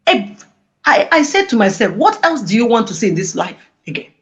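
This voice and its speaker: A woman giving an emotional interview, speaking passionately and halting with many restarts. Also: on the high side, big pitch swings. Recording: dull lo-fi audio.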